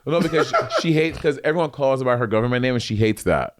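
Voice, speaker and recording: A man in his thirties co-hosting a casual podcast, chatty and animated, laughing often. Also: medium pitch, fast talker. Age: 30s. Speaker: podcast co-host. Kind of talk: casual chat.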